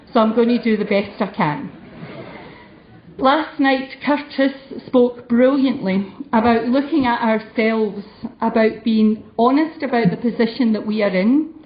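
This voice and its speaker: A woman with a Glasgow accent, a religious sister addressing a conference. She speaks in a fairly high voice, deliberate and emphatic, with dry humour. The sound is a roomy, muffled recording from a large hall. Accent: Glasgow Scottish. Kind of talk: conference talk.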